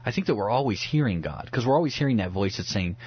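A man's voice: lowish voice, expressive, fast talker, husky, dull audio. A man speaking as a pastor and radio guest, teaching on a Bible passage in an earnest, reflective way, often restarting his sentences.

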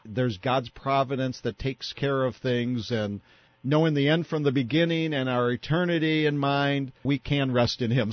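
A man's voice: medium pitch, normal speed, no room sound. Reflective man on a dull radio line. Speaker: radio co-host. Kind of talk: casual faith chat. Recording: dry, slightly dull radio sound.

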